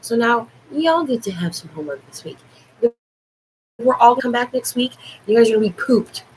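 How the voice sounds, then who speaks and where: A woman's voice: a little high, lively intonation, a little fast, a little mellow, a little hiss or hum, low-quality recording. A woman hosting a casual livestream from home into a laptop mic, playful and laughing often, swearing freely. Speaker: online show host. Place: home room.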